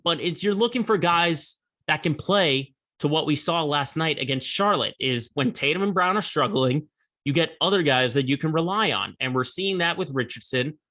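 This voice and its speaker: On his own podcast, a man runs through the week in sports as solo commentary, his bright, forceful voice a little higher than most men's. He's animated and speaks at a normal speed in a loose, conversational way. When he makes a point, he jumps into emphatic bursts.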